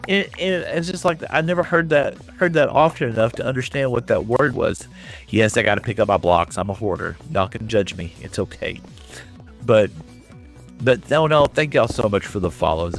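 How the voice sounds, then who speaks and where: A Texan man with a pitch that sits right in the middle for a man, talking loosely and rambling through stories as he plays. He chats straight to his viewers in an easygoing way, with faint music underneath. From West Texas. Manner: rambling storyteller, chatting with viewers. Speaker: streamer. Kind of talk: casual chat while gaming.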